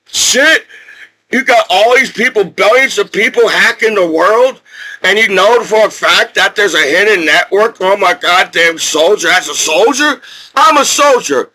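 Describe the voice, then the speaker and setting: A man's voice: sits high, normal speed, bright, forceful tone, poor audio. A middle-aged male military veteran from New Jersey, ranting angrily and profanely to camera and repeating himself. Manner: agitated, profane, repetitive. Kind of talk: angry rant to camera.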